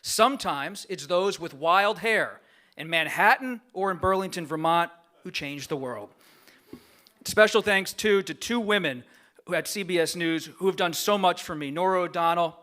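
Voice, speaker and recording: Bright-voiced man giving a heartfelt acceptance speech. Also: sits high. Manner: earnest and grateful, reading a prepared speech. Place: large gala banquet room.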